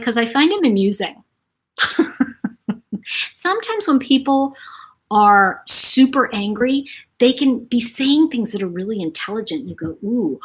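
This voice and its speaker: Chatty, breathy woman host. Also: on the high side. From New York City. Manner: chatty, animated, reads viewer comments aloud. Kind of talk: casual live-stream chat.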